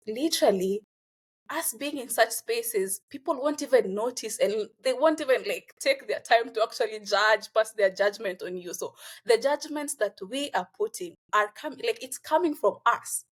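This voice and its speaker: A young woman from Kenya, talking earnestly as a guest in a casual conversation and filling pauses with "you know" and "like.". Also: medium pitch, breathy edge. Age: young adult.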